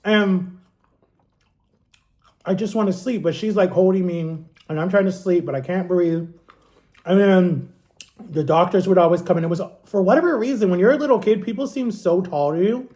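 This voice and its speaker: Animated high-voiced man telling stories. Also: moderate pace, pauses often. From Ohio, USA. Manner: animated, acts out quotes in a higher voice. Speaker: vlogger. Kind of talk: casual storytelling.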